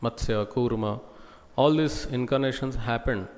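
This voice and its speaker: A man's voice: mid-range voice, in a large hall. Indian man giving a devotional class. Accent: Indian English. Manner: slow, deliberate, with lists and pauses. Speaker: devotional speaker. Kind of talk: scripture class storytelling. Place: temple hall.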